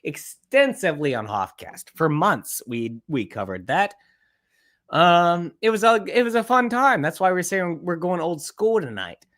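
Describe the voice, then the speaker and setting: A man's voice: high-pitched, a little slow. A man hosting a podcast who rants in a casual, profane way while reacting to a clip. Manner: ranting, profane, animated. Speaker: podcast host.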